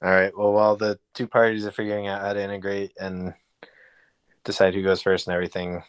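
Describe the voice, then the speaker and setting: A man with a low voice plays a tabletop game, narrating what his character does in third person. The sound is dry and close. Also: flat delivery, fast talker, clear, resonant tone, no echo. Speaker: player. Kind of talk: casual tabletop game chat.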